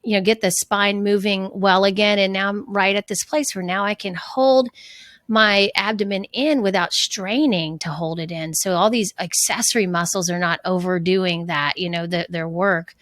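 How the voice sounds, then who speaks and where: A woman's voice: mid-range voice, fairly even intonation, normal speed, a bit bright, no echo. Middle-aged woman, fitness coach guest, earnest and reflective, restarts a lot, dry close sound. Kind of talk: casual interview conversation.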